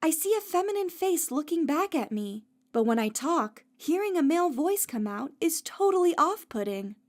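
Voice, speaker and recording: A woman's voice: high-pitched, big pitch swings, moderate pace, a little mellow. A woman narrating a first-person audiobook story in a light storytelling manner.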